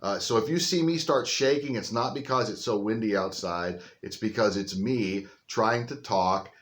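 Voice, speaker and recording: An older male pastor with a fairly low voice preaches an informal sermon outdoors. He tells the story in a folksy, chatty way. He speaks into a phone held on a selfie stick. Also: normal speed, fairly bright tone. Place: outdoors on a windy day.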